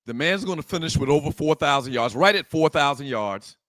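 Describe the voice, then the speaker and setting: A man's voice: fairly high pitch, animated, fairly quick, a bit bright, dry recording. A man co-hosting a casual sports talk show, emphatic and repeating his points. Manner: emphatic, repeats points, thinks aloud with restarts.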